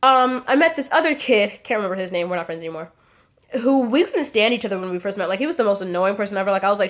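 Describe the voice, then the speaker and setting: Young woman, vlogger, casual storytelling, chatty, lots of fillers, mid-pitched voice. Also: animated, quick pace. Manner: chatty, frequent "like" fillers, acts out quotes.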